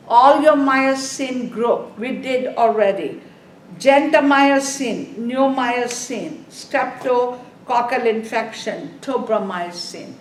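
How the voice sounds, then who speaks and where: Higher woman lecturing in an echoey classroom. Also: a little hiss or hum. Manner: drilling questions, repeating key terms for students to write down; non-native grammar. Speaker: nursing exam instructor. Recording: echoey classroom from a distant mic.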